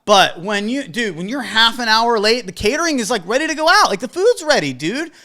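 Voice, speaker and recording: A man who works as a wedding DJ, telling a story as advice to other DJs in an animated, emphatic way with casual swearing. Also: very high-pitched, fairly quick.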